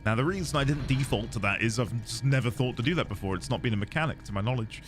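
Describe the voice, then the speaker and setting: A man's voice: mid-range voice, fast, music in the background. Chatty British man streaming a game. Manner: chatty, self-amused, rambling explanations. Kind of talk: casual gameplay chat.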